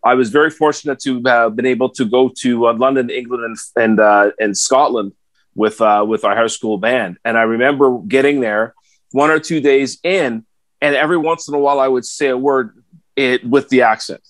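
A man's voice: mid-range voice, fairly even intonation, moderate pace, no echo. Stammering middle-aged podcast man, dry and close. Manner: storytelling, stammers and repeats words. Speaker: podcast co-host. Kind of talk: casual chat.

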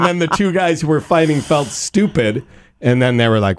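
A man's voice: on the high side, moderate pace, crowd noise. A man co-hosting a talk show, telling stories in a casual, teasing way. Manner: animated storyteller, teasing. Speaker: radio show co-host. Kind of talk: casual chat.

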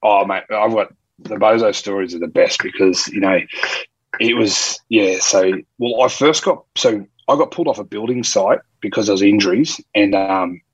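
A husky, fairly low-pitched Australian man in his early forties spins long, rambling anecdotes in casual talk. His voice sounds dry and a little dull, as if on a modest mic. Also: moderate pace, dry recording. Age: early 40s. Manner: rambling, with frequent restarts and quoted dialogue. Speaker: former rugby league player, guest. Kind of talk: casual storytelling.

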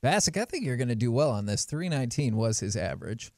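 A man's voice: mid-range voice, big pitch swings, fast talker, darkish tone, a little hiss or hum. A man co-hosting sports radio, reading out a trivia quiz in a playful, teasing quiz-show manner. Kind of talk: casual radio banter and quizmaster.

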